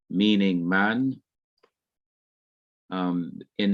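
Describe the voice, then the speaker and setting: A man's voice: deep voice, no echo. A man with a Jamaican accent teaching a beginner Hebrew class, explaining words and grammar step by step in a methodical way. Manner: slow, methodical, spells out terms. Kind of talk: classroom lecture. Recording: dull lo-fi, dry close sound.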